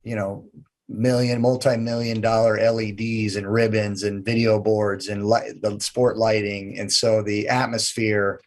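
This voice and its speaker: A man's voice: lowish voice, flat delivery, measured pace. A man guesting on an interview, talking with enthusiasm in long run-on sentences. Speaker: event promoter guest. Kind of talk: casual interview chat.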